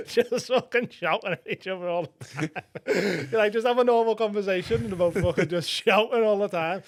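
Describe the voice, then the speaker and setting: A man's voice: sits high, fairly quick. A man co-hosting a comedy podcast, chatting casually and joking about himself. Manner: laughs often, self-mocking. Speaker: podcast co-host.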